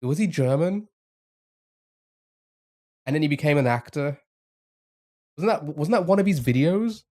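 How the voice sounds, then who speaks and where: A man's voice: fairly high pitch, lively intonation, unhurried, long pauses, darkish tone. A young man streaming a game live, thinking aloud, chatting to viewers and laughing often. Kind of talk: casual live-stream commentary.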